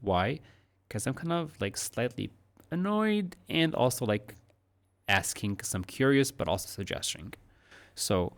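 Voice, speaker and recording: A man teaching English pronunciation, repeating model sentences slowly in segments and explaining intonation in a casual, conversational way. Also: mid-range voice, sing-song. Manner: slow deliberate model sentences broken into segments, casual asides. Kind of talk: recorded one-on-one lesson with screen annotation.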